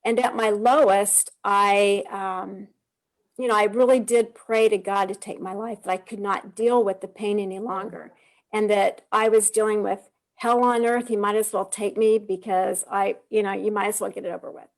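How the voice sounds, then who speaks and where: A woman's voice: medium pitch, fairly even intonation, normal speed. A woman in her forties giving an earnest, heartfelt personal testimony on a video call, telling her story with frequent restarts. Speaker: guest sharing her testimony. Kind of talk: emotional personal testimony on a live stream.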